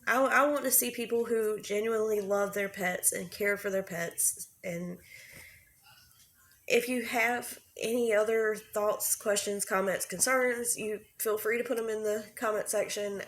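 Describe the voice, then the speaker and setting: A woman's voice: medium pitch, fairly even intonation, measured pace. A young adult woman hosting her own channel, ranting with anger and bluntness and swearing freely as she talks to her viewers. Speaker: YouTube commentary host. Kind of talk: casual commentary rant.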